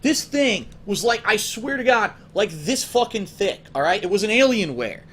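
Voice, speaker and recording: A man's voice: high voice, big pitch swings, moderate pace, a bit bright, slightly rough. A man casually telling profane, rambling stories to his viewers as a gaming show host, acting out his friends' voices as he goes.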